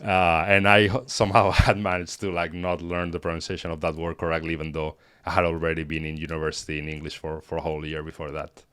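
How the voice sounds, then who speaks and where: A man's voice: extremely low pitch, little pitch movement, quick pace, fairly bright tone, clear, resonant tone, no room sound. A man from Spain, a native Spanish speaker, talking thoughtfully in an interview as a guest, often repeating words as he thinks. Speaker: guest, language teacher. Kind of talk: conversational interview.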